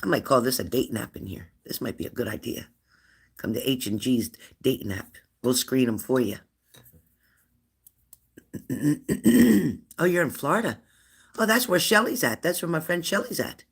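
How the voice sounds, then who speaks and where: A woman in her fifties hosting a live stream, chatting warmly and laughing as she reads out viewers' comments. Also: very deep voice, lively intonation, measured pace, gravelly, long pauses, husky. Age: 50s. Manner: chatty and affectionate, laughs often, answers comments aloud. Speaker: livestream host of a spirit-messages channel.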